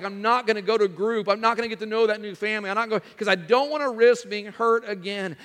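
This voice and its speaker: A middle-aged man preaching a sermon as pastor, animated, slipping into mimicking voices. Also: high voice, big-room sound.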